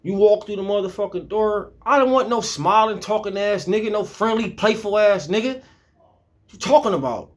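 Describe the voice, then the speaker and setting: High-pitched man, confrontational profane monologue, repetitive challenging delivery. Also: sing-song, normal speed. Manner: confrontational, repeats questions, heavy swearing.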